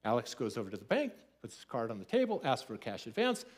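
A man's voice: medium pitch, huge pitch swings, fast talker. A middle-aged man preaching a sermon in a conversational way, telling stories and acting out what people said. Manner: conversational storytelling, acts out quoted voices. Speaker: pastor.

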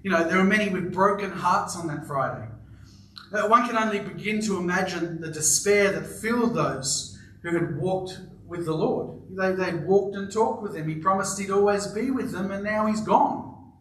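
A man's voice: sits high, normal speed, roomy sound, distant mic, slight background noise, low-quality recording. A man preaching a sermon to a live congregation, telling stories with playful asides. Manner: animated storytelling with playful asides. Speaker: pastor. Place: church auditorium with live congregation.

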